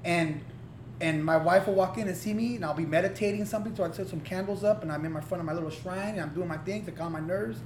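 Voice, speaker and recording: A man's voice: high-pitched, fast talker, darkish tone. A man in his forties talking candidly in a casual conversation, earnest and open, swearing freely. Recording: roomy echo, faint hiss.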